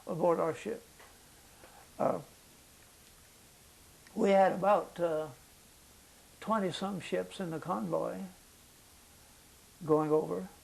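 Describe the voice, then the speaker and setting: An older man with a high-pitched voice for a man and a gravelly edge to it, speaking in an oral history interview. He recalls the past slowly and haltingly, with frequent uh's and restarts as he works to remember. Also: darkish tone, rough recording. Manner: halting recollection with many fillers. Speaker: veteran interviewee.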